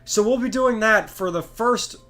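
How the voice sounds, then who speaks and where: A man in his twenties, congested from a cold, chatting in a chatty, excitable way while streaming a game. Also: sits high, moderate pace. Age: 20s. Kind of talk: casual live stream chat.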